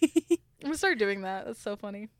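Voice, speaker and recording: A woman's voice: mid-range voice, expressive, fairly quick, a little hiss or hum. Giggly, rambling young woman. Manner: giggly, rambling, swears freely. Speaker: podcast co-host. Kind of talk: casual chat.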